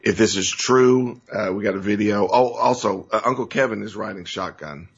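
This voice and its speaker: Male talk host, very low and husky, earnest and rambling, lo-fi audio. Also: moderate pace. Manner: earnest, rambling, restarts and gets choked up. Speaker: show host. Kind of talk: emotional political talk show monologue.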